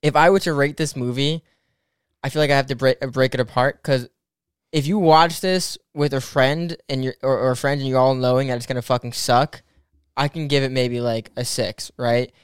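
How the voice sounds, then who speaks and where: A man's voice: medium pitch, steady tone, normal speed, smooth, no room sound, clean studio sound. A young man co-hosting a casual podcast, giving movie opinions in a hesitant way, with frequent restarts. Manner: hesitant, restarts and stalls while weighing opinions. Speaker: podcast co-host. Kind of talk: casual movie review chat.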